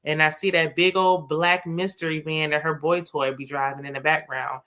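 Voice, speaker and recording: A woman's voice: deep voice, little pitch movement, moderate pace, fairly bright tone. A woman recapping a TV drama in a chatty, sassy way, full of slang and asides. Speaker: TV recap host. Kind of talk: casual TV recap chat.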